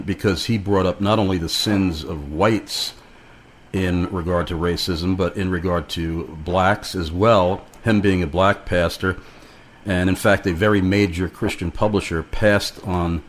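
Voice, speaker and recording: Very deep-voiced male radio host. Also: slight background noise. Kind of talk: Christian talk radio interview.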